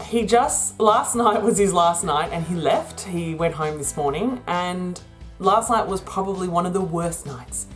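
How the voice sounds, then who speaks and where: Woman, casual vlogger, rambly and chatty, mid-pitched, faint music behind. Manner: rambling and chatty, laughs often. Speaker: vlogger and virtual assistant business owner.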